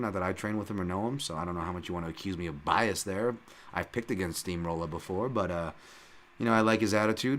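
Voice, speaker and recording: A man's voice: on the low side, a bit bright. A male podcast host giving a casual, rambling fight-betting breakdown, full of fillers, restarts and casual swearing.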